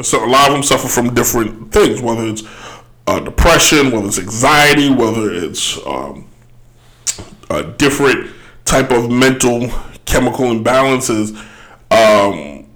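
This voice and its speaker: A man giving casual solo commentary as a podcast host, rambling and correcting himself, with a throaty voice and frequent throat clearing. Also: medium pitch, a little slow, fairly bright tone, low-quality recording. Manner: rambling, self-correcting, laughs often.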